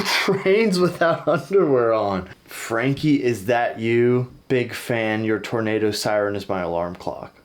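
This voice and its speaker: A young man hosting a casual reaction show, jokey and animated, breaking into shouted bits. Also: mid-range voice. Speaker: host reacting to online stories.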